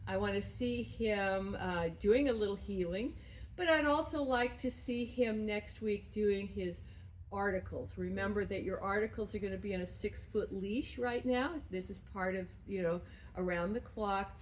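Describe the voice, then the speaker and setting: A woman dog trainer coaching a student through footwork and play, breaking into high, excited praise when she plays with the dog. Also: moderate pace, a little hiss or hum, low-quality recording. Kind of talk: remote training lesson.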